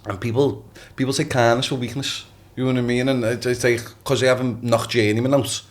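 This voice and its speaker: Young lad chatting on a podcast, mid pitched, acts out every quote. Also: male voice, a little fast. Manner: animated storytelling, acts out quotes, swears, repeats "you know what I mean". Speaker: guest boxer. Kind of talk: casual podcast chat.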